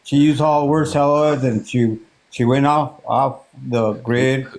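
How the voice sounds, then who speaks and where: Gravelly stubborn man arguing. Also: mid-range voice, steady tone, slow pace, darkish tone, poor audio. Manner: stubborn, defensive, repetitive. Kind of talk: heated political debate.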